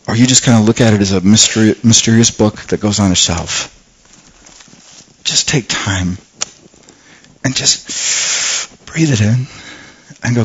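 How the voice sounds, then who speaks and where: A man preaching a sermon in an earnest, halting way, often restarting his words and dropping soft when he prays. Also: lowish voice, husky.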